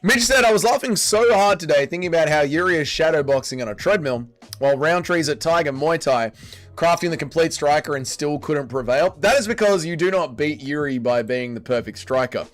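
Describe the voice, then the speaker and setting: Aussie bloke on a livestream reading chat, kinda high voice, blunt and crude, mock outrage, faint music under it. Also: male voice, animated, brisk. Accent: Australian.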